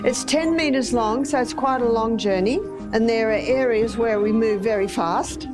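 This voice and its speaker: Australian woman, talk to an audience, somewhat high voice, chatty, repeats herself for emphasis. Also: normal speed, music in the background. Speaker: health lecturer.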